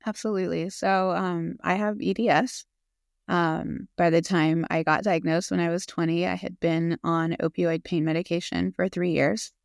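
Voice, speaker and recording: A woman's voice: fairly low pitch, steady tone, moderate pace, vocal fry, no echo, clean studio sound. A woman in her thirties, a physician assistant, talking openly and earnestly as a podcast guest, with frequent fillers. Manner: earnest and open, with fillers and laughs. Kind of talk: casual interview conversation.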